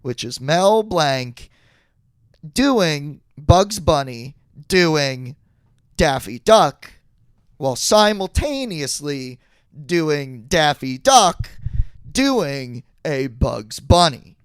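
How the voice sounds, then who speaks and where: A slow, unhurried man with a smooth, clear voice, sitting slightly above the usual pitch. He rambles through long comedic tangents in casual podcast banter. The mic is close and dry. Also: big pitch swings, dry recording. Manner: rambling, goes off into long tangents with bursts of silly impressions. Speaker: podcast co-host.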